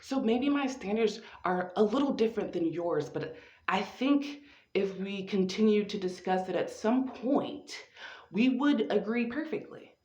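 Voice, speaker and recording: A woman performing a profane, theatrical spoken-word monologue with drawn-out phrasing. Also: mid-range voice, lively intonation, a little mellow. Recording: echoey, dull lo-fi room recording.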